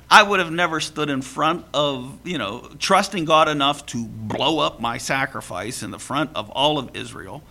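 A man preaching a sermon in a lively way, acting out scripture quotes with chuckles. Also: a little high, normal speed, vocal fry. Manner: animated, acts out biblical quotes with laughs. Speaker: pastor.

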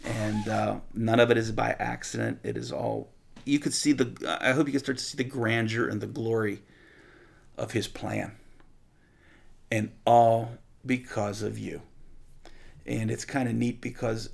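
A man's voice: on the low side, normal speed, creaky. A man leading an informal Bible study, teaching conversationally and praying, often restarting his sentences.

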